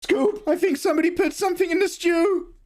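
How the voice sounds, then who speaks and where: A man voicing a nervous young cartoon slacker in a high, cracking, jittery voice. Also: fairly even intonation, brisk, a little mellow.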